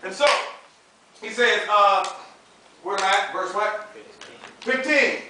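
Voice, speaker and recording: A young man preaches a casual sermon in a high, bright voice, laughing often and dipping lower to act out quotes. His voice bounces around a very echoey room, picked up from a distance with faint background noise. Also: takes it slowly, long pauses. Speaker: campus minister preaching. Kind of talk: informal sermon.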